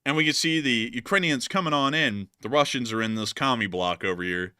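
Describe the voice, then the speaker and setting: A man's voice: mid-range voice, brisk, bright, forceful tone, smooth, no room sound, clean studio sound. A man hosting casual war news commentary, explaining footage and cracking jokes as he goes. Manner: joking, laughs often, explains as he goes.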